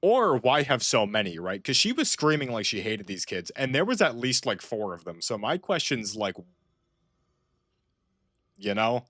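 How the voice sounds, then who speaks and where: A man's voice: medium pitch, big pitch swings, moderate pace, a bit bright, dry recording, clean studio sound. A young man streaming games and chatting casually, rambling with lots of "like" and restarts. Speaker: gaming streamer. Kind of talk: casual gaming chat.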